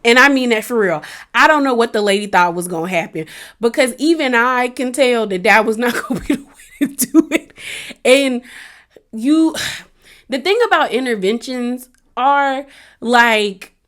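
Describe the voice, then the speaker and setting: A woman's voice: fairly high pitch, unhurried, a bit bright. A woman hosting a casual review of a reality show episode, chatty and laughing often as she acts out what the cast said. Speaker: reality TV recap host.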